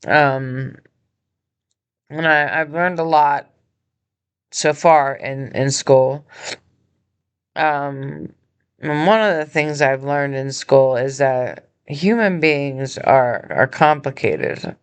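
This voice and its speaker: A woman hosting her own podcast, speaking from a hospital room in an earnest, halting personal appeal, emotional and injured. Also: rumbling low, clean tone. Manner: earnest, halting, with many pauses and restarts. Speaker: podcast host and nonprofit founder.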